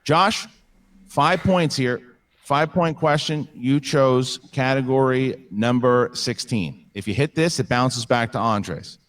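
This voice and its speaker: A man runs a live-streamed trivia match, calling scores and ruling on challenges in quick bursts. His voice is mid-pitched and sounds set back from the microphone. He often repeats key phrases for emphasis. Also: recorded from a distance. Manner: brisk, rapid-fire officiating, repeats key phrases. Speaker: trivia match host and referee.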